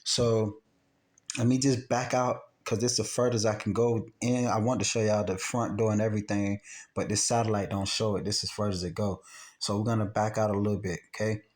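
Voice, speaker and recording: A man casually tells a personal story, animatedly acting out gunshots and quotes and often repeating himself. His voice is lowish and fairly quick, with a roomy echo.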